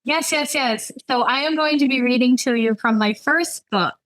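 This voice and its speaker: A woman romance author, chatting candidly and reading aloud from her novel, self-deprecating and quick to laugh. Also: sits high, fairly bright tone, dry recording, poor audio.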